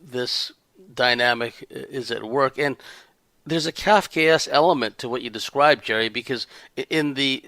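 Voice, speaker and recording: A man's voice: medium pitch, moderate pace, bright, forceful tone, no echo. A man hosting an interview, offering thoughtful commentary with filler words. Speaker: interviewer host. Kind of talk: casual interview talk.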